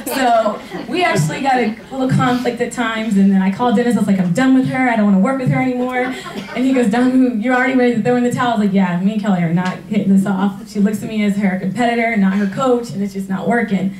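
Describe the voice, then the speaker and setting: A woman, a retired track athlete, tells her story in a personal testimonial, animated and laughing often as she acts out past conversations. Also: a little high, quick pace, few pauses. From United States. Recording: roomy sound from a distance.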